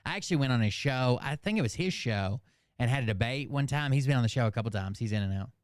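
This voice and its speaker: A man's voice: mid-range voice, lively intonation, quick pace, clean tone, no room sound, clean studio sound. A man hosting a casual reaction commentary show, talking in a rambling, profane, sarcastic way. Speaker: commentary channel host.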